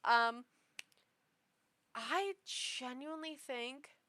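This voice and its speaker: With a high-pitched, pushed, bright voice and drawn-out words, a woman who's had two shots reads online posts aloud on stream. She reacts casually, rambling emotionally and restarting again and again, with no room sound.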